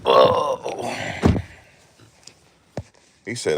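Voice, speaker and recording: Super deep voiced guy rambling on his stream, laid-back slang, says stuff twice. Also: sing-song, slow pace, vocal fry, long pauses, a bit bright, slight background noise. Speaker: livestreamer and rideshare driver. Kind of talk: casual live-stream chat.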